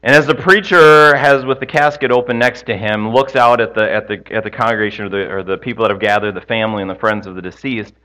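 A man leads prayer and tells a story to his congregation in a relaxed, rambling sermon. His voice sits a little low but sounds bright and forward. He often stops to restart his sentences and pokes fun at himself. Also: fast talker, few pauses, rough recording. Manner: hesitant, self-deprecating, many fillers and restarts. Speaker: pastor.

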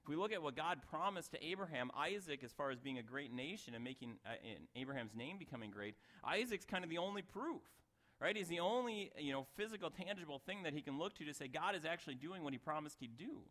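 A man's voice: fairly high pitch, animated, quick pace, fairly bright tone. Chatty middle-aged man preaching. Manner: conversational, self-interrupting, chuckles at own asides. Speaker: pastor. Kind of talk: sermon.

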